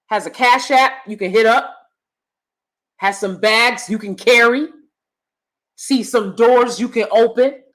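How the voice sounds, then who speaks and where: A woman's voice: fairly high pitch, a bit bright. A woman hosting her own channel, talking in a casual commentary style, emphatic and chatty, often checking in with "you know" and "right" and repeating lines for emphasis. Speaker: channel host.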